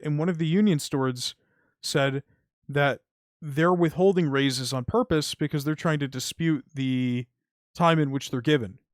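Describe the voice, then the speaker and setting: A man's voice: fairly high pitch, dry recording, clean studio sound. A young man streaming, venting heatedly about his delivery job with frequent swearing. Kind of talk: casual stream rant. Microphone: streaming mic.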